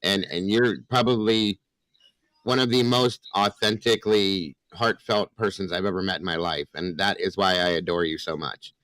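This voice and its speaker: A man's voice: low-pitched, fairly even intonation, normal speed, fairly bright tone, dry recording, poor audio. A man hosting a live panel chat, effusive and reassuring, repeating himself. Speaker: host.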